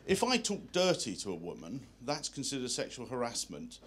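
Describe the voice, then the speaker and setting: Male amateur stand-up, mid-pitched and lively, self-deprecating gags to a live room. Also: normal speed, slight background noise. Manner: self-deprecating one-liners. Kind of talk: live stand-up comedy set. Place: hotel function room with a live audience.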